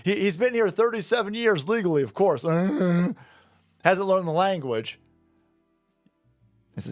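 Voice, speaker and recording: A man's voice: high voice, very animated, measured pace, long pauses, no room sound, soft background music. Indignant ranting male commentator. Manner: sarcastic, indignant, swearing. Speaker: political commentator.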